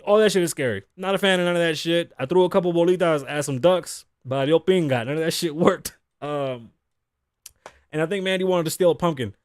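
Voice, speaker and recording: A man's voice: fairly high pitch, a little fast, clean tone, dry recording, studio quality. A man in his thirties hosting a podcast, talking casually in a rambling, profane way and laughing often. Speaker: podcast host. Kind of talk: casual chat. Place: home studio desk.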